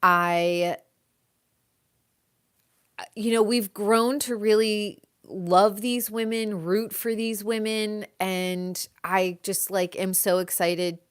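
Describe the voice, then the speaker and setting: A woman hosts a relaxed chat about her favorite reality shows, gushing and laughing as she goes. Her voice is smooth and clear, and she takes her time, drawing out her words. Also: medium pitch, slow. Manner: gushing, chatty, laughs often. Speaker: host.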